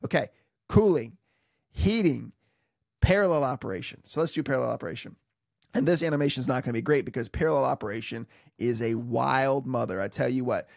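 A man teaching an HVAC lesson in an animated, playful way, with theatrical asides and sung sound effects. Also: medium pitch, fast talker, creaky, dry recording, studio quality. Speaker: HVAC instructor. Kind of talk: animated technical tutorial.

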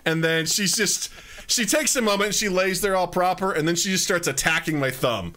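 A man's voice: sits high, a little fast. A male podcast host chatting casually, telling funny stories and acting out his own outbursts. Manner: animated storyteller, acts out his own outbursts. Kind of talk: casual chat.

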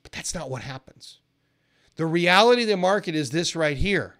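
A man teaching a trading seminar in an animated way, laughing often and acting out traders' reactions. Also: on the high side, moderate pace. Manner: animated, acts out traders' reactions in quoted voices; laughs often while explaining. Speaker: trading educator.

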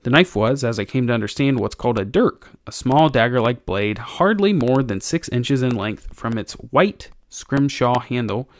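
A man, a teacher, narrating an audiobook chapter for his class in a measured, expressive way. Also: mid-range voice, no room sound.

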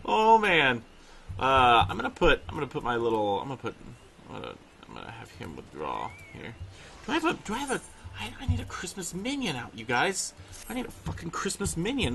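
A man hosting casual gameplay commentary, excitable and swearing casually as he plays. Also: mid-range voice, gravelly, slight background noise. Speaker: host.

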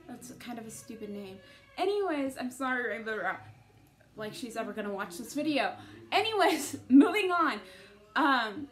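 A woman's voice: high voice, fairly bright tone. A woman giving a casual, rambling book review to camera, full of fillers and self-interruptions.

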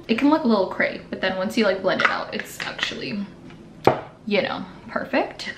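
A woman's voice: mid-range voice, fairly bright tone. A young woman chatting casually and playfully through a makeup tutorial in her apartment, laughing often. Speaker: beauty vlogger. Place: apartment room. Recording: echoey room, faint background noise.

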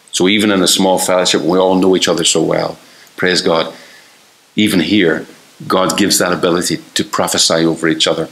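A man with an Irish accent preaching a sermon in an earnest, conversational way, with quick asides to the congregation. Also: deep voice, fairly bright tone. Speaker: pastor. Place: church hall. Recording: echoey church hall.

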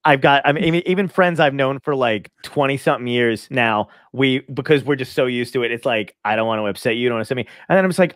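Rambling, sweary podcast host, dry sound. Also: male voice, mid-range voice, dry recording. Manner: swears freely, quick rambling anecdotes with laughs. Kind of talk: casual chat.

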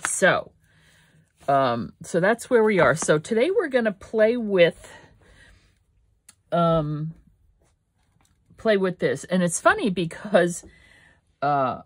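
A woman's voice: lowish voice, very animated, slow pace, pauses often. An older woman hosting a casual craft vlog from her home studio, rambling and correcting herself as she thinks aloud. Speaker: craft channel host.

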